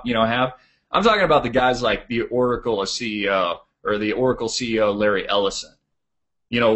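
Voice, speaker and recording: A deep-voiced man talking on his radio show from an office. He rambles and stacks up filler words as he rants against the wealthy elite. It is a loose, monologue-style delivery. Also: a bit bright. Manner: filler-heavy, ranting about elites. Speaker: radio talk host.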